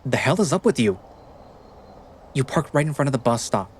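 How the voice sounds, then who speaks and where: A man's voice: medium pitch, animated, normal speed, a little hiss or hum, close to an everyday voice. A man voicing David, a frustrated young best friend, in a visual novel reading with faint music behind. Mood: friendly, awkward. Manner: pleading, earnest, swearing when upset.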